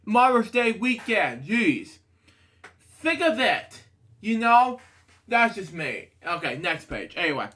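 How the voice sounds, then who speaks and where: A man reads a children's picture book aloud and keeps drifting into rambling personal tangents. His voice sits high and sounds bright and forceful. Every so often he breaks off into sudden excited outbursts. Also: takes it slowly.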